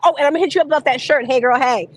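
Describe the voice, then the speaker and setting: A woman hosting a morning motivation show, talking in a bubbly, exclamatory, rapid-fire way. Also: high-pitched, low-quality recording. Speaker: host. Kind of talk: casual motivational chat.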